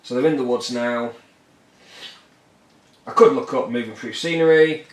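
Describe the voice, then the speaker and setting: A man's voice: medium pitch, moderate pace. Chatty man in an echoey room. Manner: rambling and jokey, puts on silly voices for the miniatures. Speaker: tabletop wargame player. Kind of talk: casual solo play-through with chat.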